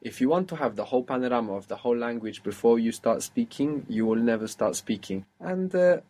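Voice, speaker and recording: A man's voice: medium pitch, expressive, fairly quick, dark tone. A man teaching a spoken language lesson, patiently explaining step by step and encouraging his student.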